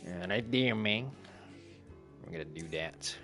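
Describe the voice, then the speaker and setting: A low-voiced man streaming a cozy renovation game, speaking slowly and easily. He chats with his viewers and chuckles as he goes. Soft game music plays underneath. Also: lively intonation. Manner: laid-back, chuckles often, talks to chat. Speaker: gaming streamer. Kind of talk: relaxed gameplay commentary, reading chat. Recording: faint game music behind.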